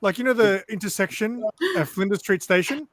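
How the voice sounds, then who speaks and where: A man's voice: sits high, a little fast. A man with an Australian accent telling stories animatedly as a guest on a casual livestream. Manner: animated storyteller. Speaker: guest on a stream panel. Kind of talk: casual chat on a video call.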